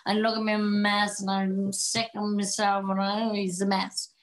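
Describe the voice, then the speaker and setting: A woman's voice: medium pitch, level tone, moderate pace, pitched below the performer's own voice, natural voice. Irish woman doing a weepy drunk man. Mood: miserable. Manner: slurred, self-pitying, faltering. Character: sloppy drunk man crying at a bar.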